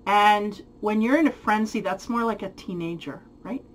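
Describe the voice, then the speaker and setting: A woman's voice: medium pitch, moderate pace, rough recording. A woman giving a spiritual tarot reading who muses aloud, searches for her words and often breaks into light laughter. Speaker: tarot reader.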